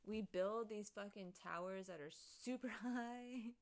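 A woman talking in an unhurried, drawn-out way, her voice often dropping into a gravelly fry. She rambles from one thought to the next in casual chat, swearing freely and losing her thread. It sounds like a streamer talking to her viewers. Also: mid-range voice. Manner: rambling, profane, easily sidetracked.

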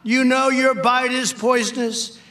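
A man voicing a tender-hearted, kindly woman in a recited poem, crying out in a high, distressed way. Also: steady tone, measured pace, pushed and bright, reverberant, exaggerated voice. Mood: anguished.

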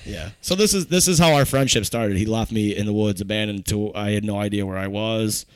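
A young man hosting a casual podcast with friends, loud, argumentative and full of swearing. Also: on the low side, brisk, smooth, no echo. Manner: boisterous, argumentative, swears a lot. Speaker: podcast host. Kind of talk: casual chat among friends. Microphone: podcast microphone.

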